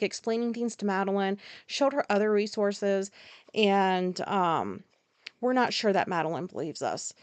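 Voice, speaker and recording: A woman's voice: mid-range voice, darkish tone, clear, resonant tone, no echo. An American woman hosting a podcast, telling a rambling personal story in a frank, casual way with lots of fillers and swearing. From United States. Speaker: podcast host.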